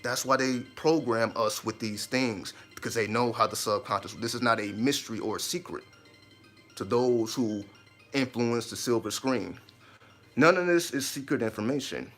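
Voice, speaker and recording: A man's voice: mid-range voice, normal speed, fairly bright tone, soft background music. Man giving an emphatic rambling monologue. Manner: emphatic, repetitive, with occasional swearing. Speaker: host of own video channel. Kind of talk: casual explanatory monologue.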